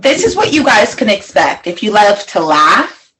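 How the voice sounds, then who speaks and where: A young woman co-hosting a podcast, trading jokes and teasing remarks in a loose, casual conversation. Her voice sits at a middle pitch. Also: very animated, normal speed, fairly bright tone, low-quality recording. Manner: teasing, joking banter. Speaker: podcast co-host. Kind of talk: casual chat.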